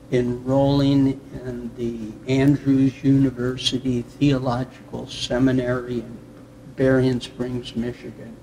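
Male pastor from the US Upper Midwest; reflective, unhurried testimony with soft chuckles. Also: mid-range voice, a little hiss or hum. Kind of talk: personal testimony in conversation.

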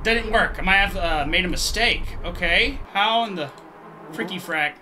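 A gamer giving let's play commentary on a horror game, thinking aloud through puzzles and exclaiming loudly at scares. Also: medium pitch, moderate pace, a little hiss or hum.

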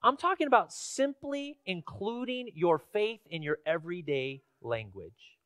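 A man from Washington State preaches in a church, his voice notably high. He tells stories in a relaxed, chatty way with ums and uhs, then presses emphatic questions. The sound is close and dry. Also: a little slow, dry recording. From Washington State, USA. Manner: conversational storytelling with fillers, rising to emphatic questions. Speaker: pastor. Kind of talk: sermon. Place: church sanctuary.

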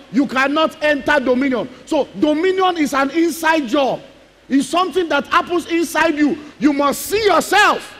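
A man's voice: very high-pitched, a bit bright. A male pastor preaching emphatically, repeating key lines and calling out to the congregation. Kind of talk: preaching sermon. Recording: long reverb of a large hall.

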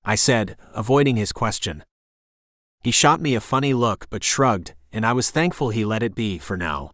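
A man reading a first-person fantasy audiobook in a steady, gritty storytelling manner. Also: lowish voice, moderate pace, dry recording, clean studio sound. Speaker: audiobook narrator.

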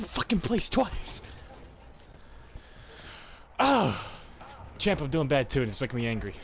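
A young British man trading crude jokes over a headset mic while he plays. His pitch leaps around constantly, jumping from low grumbles to yelps. Steady game noise sits behind his voice on a noisy chat recording. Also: measured pace, vocal fry, pauses often. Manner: crude, teasing, loud sudden outbursts. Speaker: gamer. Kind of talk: casual gaming banter.

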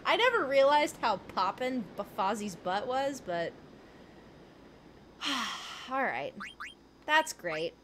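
During her casual live gameplay stream, a young adult woman talks with viewers, giggles, and voices the game's lines, while game music plays beneath. Her voice is a little high and fairly bright, sing-song and slow with long pauses, and there's slight background noise.

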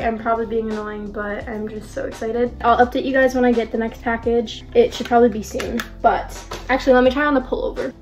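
Teen girl unboxing stuff, super gushy and excited, kinda high voice, faint music behind. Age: teens. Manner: gushing, excitable, lots of "like" and "oh my gosh". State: out of breath. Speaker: vlogger. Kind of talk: casual unboxing vlog.

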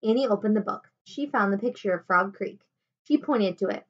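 A woman teacher reading a children's chapter book aloud at home, with expressive delivery. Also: mid-range voice, normal speed, dull audio. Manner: expressive, animated. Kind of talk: storybook read-aloud.

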